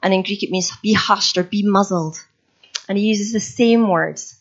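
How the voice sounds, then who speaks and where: A woman's voice: medium pitch, moderate pace. Chatty woman preaching. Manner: chatty, self-deprecating, laughs often. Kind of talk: informal sermon. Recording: slightly dull recording.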